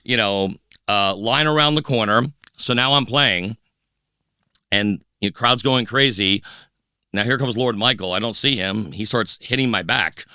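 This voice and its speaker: A middle-aged man, a DJ guest on a podcast, telling stories in a casual, animated way and acting out the voices of the people in them. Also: lowish voice, measured pace, clear, resonant tone, no echo, clean studio sound. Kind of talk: casual storytelling interview.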